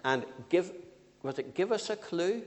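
An older man preaching a sermon, swinging from loud emphatic phrases to quiet asides. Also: high voice. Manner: lively with sudden rises and drops, slow emphatic phrasing. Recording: long reverb of a church hall.

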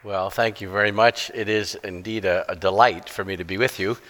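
A middle-aged man preaching a sermon with stories, self-deprecating and halting, with many restarts. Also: lowish voice, fairly even intonation, fairly bright tone. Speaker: guest preacher. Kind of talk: sermon with storytelling. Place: church sanctuary. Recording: long church reverb.

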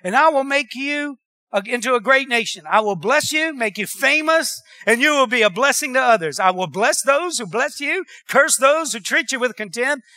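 A man preaching in a very high, bright voice. He tells stories casually and keeps calling for amens. The sound is close and dry. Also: lively intonation, normal speed, no echo. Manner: preacherly, calls for amens, conversational storytelling. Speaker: pastor. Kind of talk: sermon.

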